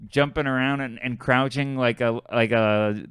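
A man's voice: mid-range voice, steady tone, moderate pace, fairly bright tone, smooth, no echo, clean studio sound. A man co-hosting a podcast, telling a story in casual chat and acting out the people in it. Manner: storytelling, riffing with quoted voices. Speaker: podcast co-host.

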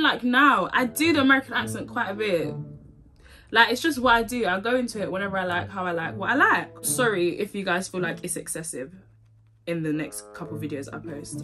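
A woman's voice: mid-range voice, a bit bright. A young woman, chatting playfully and joking as she does her makeup on camera. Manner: playful, jokey, laughs often. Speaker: beauty vlogger. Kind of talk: casual chat while doing makeup.

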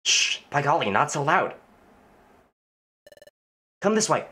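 A man voicing a timid, friendly little male creature, calling out in a hushed, urgent way. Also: a little high, big pitch swings, slow pace, exaggerated voice.

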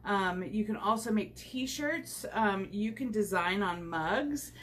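A woman's voice: mid-range voice, expressive, slow pace, a bit bright, slight background noise. A woman chatting casually while demonstrating a craft on a livestream, rambling with many fillers, recorded at home on the camera mic.

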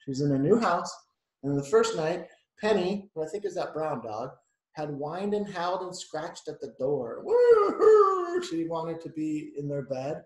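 A man's voice: on the high side, animated, moderate pace, darkish tone, roomy sound, rough recording. Chatty male teacher reading a storybook. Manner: chatty, explains the pictures, asks the kids questions. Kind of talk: reading a picture book aloud to children.

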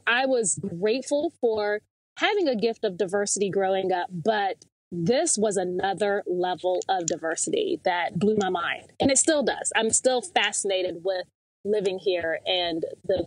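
Female guest from the American South, expressive storyteller, slightly high voice, dry close recording. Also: no room sound, rough recording. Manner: animated storyteller, acts out quoted dialogue. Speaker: interview guest. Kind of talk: storytelling in a podcast interview.

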